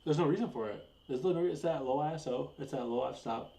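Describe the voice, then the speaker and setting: A young man on a ghost hunt, talking in a rapid, jittery and alarmed way as he reports strange readings. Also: fairly high pitch, creaky, dark tone. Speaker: paranormal investigator. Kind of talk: casual ghost-hunting chat. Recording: echoey room with noise.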